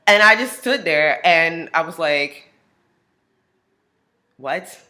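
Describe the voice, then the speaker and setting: A young woman talks straight to her camera, telling a personal story in a relaxed, chatty way. Her voice is bright and swoops widely in pitch as she acts out what her friends said. It sits a little low for a woman. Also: slow. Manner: animated, acts out friends' lines with big pitch jumps. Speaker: vlogger. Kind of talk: casual storytelling.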